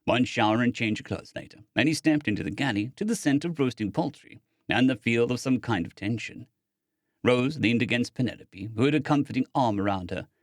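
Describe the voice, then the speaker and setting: A male audiobook narrator reads with expressive storytelling. His pitch moves a lot across each line. The recording is dry and close, with no room sound. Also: no room sound. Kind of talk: scripted narration.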